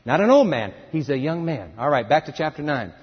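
A man preaching a sermon in a large church hall, dramatic and emphatic, swinging from loud to hushed and adding sound effects. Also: on the high side, big pitch swings, fairly quick, husky. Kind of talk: sermon, expository Bible teaching. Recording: reverberant hall, dull lo-fi sound.

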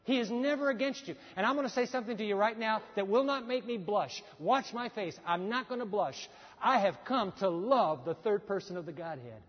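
Animated male preacher in a reverberant hall. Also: high voice, brisk. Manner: animated storytelling, acting out dialogue. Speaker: pastor. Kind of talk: sermon. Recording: dull sound, hall reverb.

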